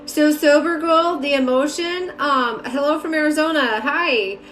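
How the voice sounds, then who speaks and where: A woman's voice: sits high, measured pace, fairly bright tone, roomy sound, soft background music. A woman giving casual live-stream spiritual readings, chatty, greeting viewers by name and talking with lots of fillers. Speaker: spiritual reader and mentor. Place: home room.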